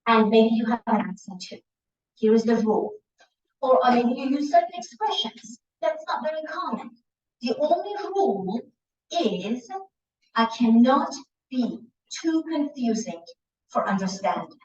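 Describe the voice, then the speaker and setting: A woman's voice: on the high side, lively intonation, measured pace, a little mellow. Middle-aged woman teaching a class how to talk, demos her tone, mic far off and kinda dull. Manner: demonstrative, shifts tone and pace to illustrate points. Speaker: communication coach giving a seminar. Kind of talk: lively presentation to a class. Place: lecture room. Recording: roomy, distant, dull lecture-hall recording.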